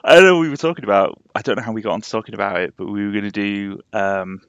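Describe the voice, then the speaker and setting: A man's voice: on the low side, racing, clean tone, dry recording, dull audio. A young man with a slightly posh Yorkshire accent, chatting rambly on a game live stream and laughing often. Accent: Yorkshire, somewhat posh. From England, Yorkshire. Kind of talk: casual live-stream chat.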